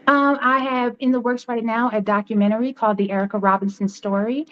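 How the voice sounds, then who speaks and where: A woman's voice: fairly high pitch, steady tone, a little fast, highs cut off. A woman who is a grandmother, a guest author giving earnest, emphatic advice. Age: older.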